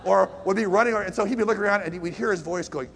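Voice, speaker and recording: A man giving a conversational sermon, a lively storyteller who swings between hushed and loud emphasis and makes self-deprecating asides. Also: high-pitched, fast talker, vocal fry.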